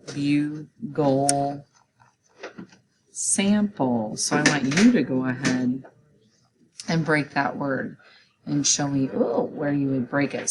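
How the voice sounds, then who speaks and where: A woman's voice: low voice, noisy background. A woman teacher giving a recorded phonics lesson, patiently explaining each step to young students.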